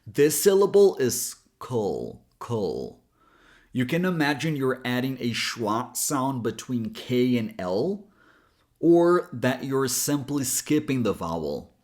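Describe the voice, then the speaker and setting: Slow, careful male accent coach. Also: mid-range voice, expressive, darkish tone. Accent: American. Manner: slow, careful, demonstrating sounds. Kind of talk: pronunciation lesson.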